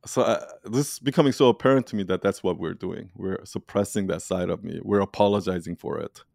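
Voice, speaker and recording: Low-ish guy rambling in a casual chat, laughs a lot, dry close sound. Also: a little fast, creaky, no room sound. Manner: animated, rambling, laughs often. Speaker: online community leader. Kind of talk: casual conversation.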